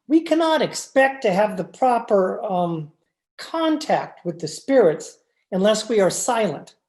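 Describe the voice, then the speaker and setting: A woman playing a meek, obliging husband who fussily pleads for quiet, in an old-time radio drama read over a video call. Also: medium pitch, big pitch swings, measured pace. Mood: placating. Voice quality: fussy, placating, apologetic. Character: meek obliging husband, middle-aged man.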